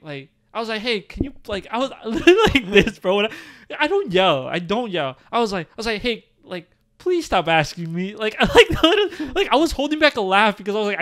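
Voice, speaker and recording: Smooth-voiced young man telling a story. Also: high voice. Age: young adult. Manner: animated storytelling, heavy use of "like" and "bro". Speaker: podcast co-host. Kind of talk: casual chat. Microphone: studio podcast mic, seated.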